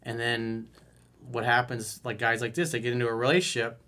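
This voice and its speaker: A man's voice: mid-range voice, flat delivery, a little fast, sharp tone. A man hosting his own coaching video, talking casually and with emphasis as he answers a viewer's email about dating. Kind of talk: solo coaching talk.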